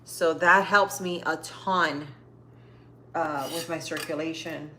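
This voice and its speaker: A woman's voice: sits low, fairly even intonation, slow pace, sharp tone. A woman hosting a casual cooking livestream from her home kitchen, chatting upbeat with viewers while she chops. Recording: echoey kitchen with faint noise.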